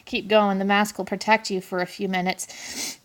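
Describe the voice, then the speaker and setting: A woman's voice: mid-range voice, level tone, moderate pace, natural voice. A woman voicing an injured female warrior mentor in a casual retelling, urging someone on. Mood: urgent.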